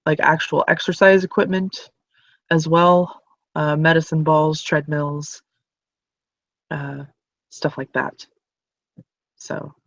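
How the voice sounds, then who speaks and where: This game master sets a scene in a relaxed, rambling way, full of filler words. The audio sounds dull and very dry, as if recorded at a desk. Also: mid-range voice, no room sound. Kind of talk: narrating a tabletop game.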